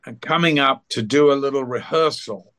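An older man, an actor being interviewed, telling anecdotes at an unhurried pace and briefly acting out other people's voices. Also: mid-range voice, fairly bright tone. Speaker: actor guest. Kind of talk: anecdotal storytelling.

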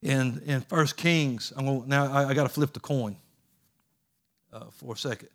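A man's voice: medium pitch, normal speed. Folksy preacher man. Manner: preaching with emphatic, rising calls to the congregation; folksy, plainspoken phrasing. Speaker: pastor. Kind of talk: sermon.

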